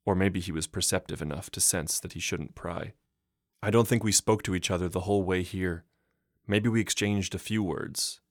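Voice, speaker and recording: A man reads a literary short story in a calm, measured voice. His tone sits very low. The recording is close and dry, with no room sound. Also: no echo. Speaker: narrator and translator. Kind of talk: audiobook narration.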